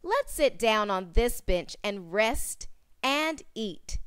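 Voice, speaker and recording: A woman voicing a calm father in a children's story, in a calm, even way. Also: on the high side, slow, clear, resonant tone, dry recording, studio quality, exaggerated voice. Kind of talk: storybook character reading.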